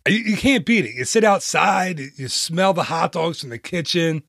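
Brief: male podcast host, slightly higher voice, friendly and self-mocking, dry close-mic sound. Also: expressive, moderate pace, gravelly, fairly bright tone, dry recording. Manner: chatty, self-deprecating, upbeat. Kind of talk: casual solo podcast talk.

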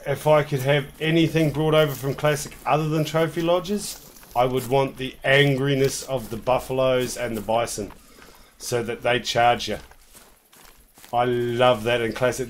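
Hosting a gaming stream, this New Zealand man rambles and cracks jokes while chatting with viewers and his fellow player. He has a medium-pitched voice, and slight hiss or hum sits under the recording.

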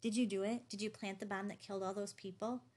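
A woman's voice: medium pitch, steady tone, quick pace, darkish tone, natural voice. A woman reading the lines of a distraught mother who questions urgently and sharply. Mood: anxious.

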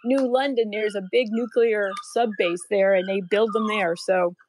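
A woman's voice: medium pitch, fairly even intonation, normal speed. A woman from Connecticut who calls in to a live audio chat and talks in a chatty, easily amused way. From Connecticut, USA. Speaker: caller. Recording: distant, noisy call-in line.

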